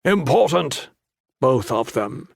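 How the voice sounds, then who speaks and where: A male narrator voicing a stern, cryptic older monk who lectures his pupil through slow, probing questions. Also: medium pitch, sing-song, vocal fry, dry recording, clean studio sound, full character voice. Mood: stern lecturing.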